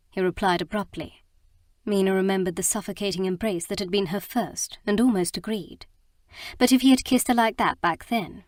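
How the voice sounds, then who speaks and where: A woman narrating a romance audiobook in an even, measured storytelling manner. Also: mid-range voice, dry recording, studio quality. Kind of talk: scripted narration.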